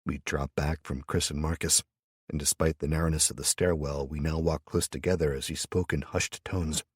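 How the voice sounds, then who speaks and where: A man narrates a first-person audiobook in a low, husky voice, blunt and sardonic in tone. The sound is dry and close, with no room around it. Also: steady tone, moderate pace, a bit bright, dry recording.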